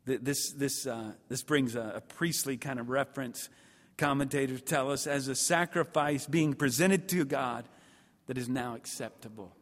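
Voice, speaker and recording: A man preaching a sermon at a seminary, animated and emphatic, acting out his listeners' thoughts and swinging between loud and quiet. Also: mid-range voice, normal speed. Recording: long hall reverb.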